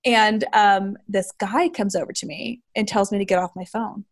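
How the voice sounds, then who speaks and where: A woman's voice: medium pitch, normal speed. Bubbly woman telling travel stories. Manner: bubbly, lively storyteller, frequent "like". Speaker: guest, cheese shop owner. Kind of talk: casual chat.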